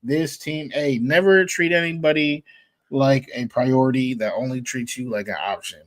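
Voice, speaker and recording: A man co-hosting a casual sports talk show, relaxed, laughing easily and hedging with fillers. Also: medium pitch, normal speed. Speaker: podcast co-host.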